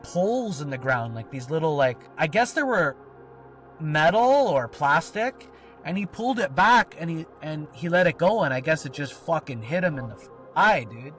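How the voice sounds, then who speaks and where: A man's voice: fairly high pitch, lively intonation, moderate pace, a bit bright, soft background music. A man telling a personal story on a podcast, rambling and swearing, with lots of filler words. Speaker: podcast co-host. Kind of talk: casual storytelling.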